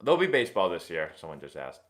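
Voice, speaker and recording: A young man hosting a casual live stream, answering viewer questions in a rambling, animated sports-fan way. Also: low-pitched, fast. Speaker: host of a live baseball Q&A stream.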